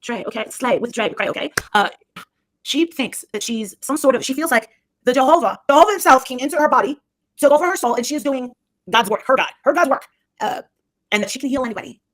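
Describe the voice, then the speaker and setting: A woman's voice: high voice, lively intonation, quick pace. A woman on a live stream who rambles on scornfully and repeats herself, talking into a phone or webcam. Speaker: livestreamer. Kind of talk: rambling livestream gossip.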